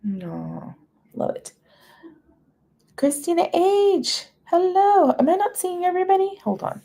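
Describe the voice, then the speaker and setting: Hosting a relaxed livestream, a woman talks with her viewers, welcomes them by name, and reads lengthy menu lists aloud. She has a very high, creaky voice with a dark tone and wide pitch swings, and she never hurries.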